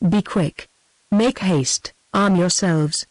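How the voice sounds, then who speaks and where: A synthetic British woman's voice reading the part of a male thieves' king giving orders, in an even text-to-speech delivery. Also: on the low side, takes it slowly, no echo. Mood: commanding. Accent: British English.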